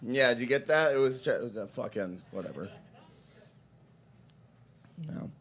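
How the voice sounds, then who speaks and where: A young man doing a crude, rambling stand-up set at an open mic in a coffee shop, breaking into shouted impressions now and then. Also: medium pitch, expressive, measured pace.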